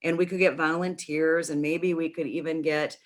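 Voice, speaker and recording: A middle-aged woman, a nonprofit founder and interview guest, chatting and telling a long story with animated restarts. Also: sits low, normal speed.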